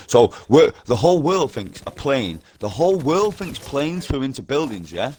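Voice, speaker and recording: A man's voice: medium pitch, very animated, moderate pace, few pauses, a little mellow, husky, no room sound. A man in an online game party chat, ranting nonstop in a profane, repetitive and insistent way over a headset. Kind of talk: rambling conspiracy rant.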